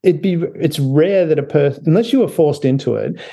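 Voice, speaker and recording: A man's voice: fairly high pitch, fairly quick, creaky, dark tone, slightly rough. A man speaking as an author guest on a podcast, chatty, often laughing and restarting his sentences. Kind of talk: casual interview talk.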